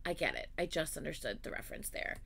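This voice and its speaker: Gushing, animated woman reacting to music videos. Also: low-pitched, quick pace, gravelly, slightly rough. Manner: effusive, exclaiming, swings from gushing to murmuring. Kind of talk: casual reaction commentary.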